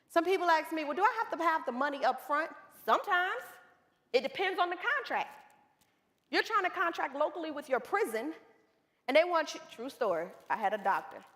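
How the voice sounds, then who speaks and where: High, lively woman coaching a room. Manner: animated storytelling, addresses the room directly. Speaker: business coach. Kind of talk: seminar talk to a live audience. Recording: reverberant hall.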